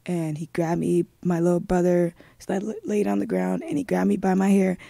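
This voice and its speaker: A woman's voice: fairly low pitch, little pitch movement, moderate pace, gravelly, mellow, no room sound. A woman, a guest in a live-streamed interview, telling her own story in a subdued, earnest way.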